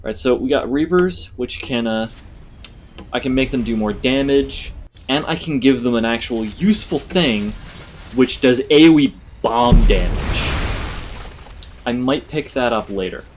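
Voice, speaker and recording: A man's voice: mid-range voice, expressive, a little slow, a little hiss or hum. A man giving casual let's-play commentary, chatty and thinking aloud. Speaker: gamer.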